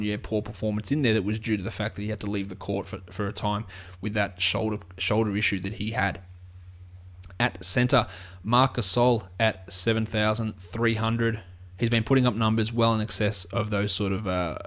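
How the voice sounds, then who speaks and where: Australian man breaking down fantasy picks. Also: on the low side. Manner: conversational, restarts and repeats words. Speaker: fantasy basketball analyst. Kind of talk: casual solo sports analysis.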